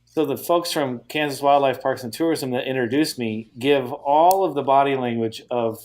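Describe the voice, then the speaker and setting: A man's voice: mid-range voice, normal speed, darkish tone. Self-deprecating man telling a story. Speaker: podcast co-host. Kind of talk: casual anecdote.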